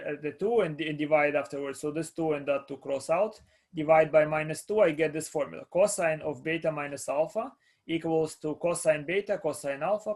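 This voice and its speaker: Guy teaching a calc class, kinda high voice, stops and restarts a lot, keeps asking the students if they're following. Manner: halting, repeats words, checks in with students. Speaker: math lecturer. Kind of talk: live classroom lecture.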